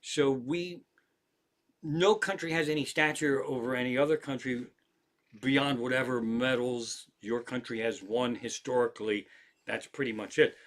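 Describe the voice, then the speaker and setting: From the comfort of a home armchair, a comedian streams live, telling rambling anecdotes with animated energy and lots of cursing. His voice is mid-range, at an ordinary speed.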